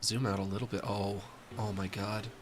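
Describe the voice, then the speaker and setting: A man's voice: fairly low pitch, little pitch movement, normal speed, over music. A man streaming a video game, chatting casually to himself and the characters as he decorates a room. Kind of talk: casual gameplay commentary.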